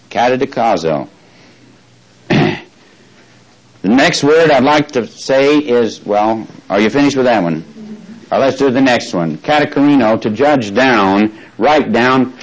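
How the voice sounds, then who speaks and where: A man's voice: medium pitch, rough recording. Man teaching a Bible study. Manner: asks the audience questions, repeats key phrases. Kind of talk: sermon-style Bible teaching.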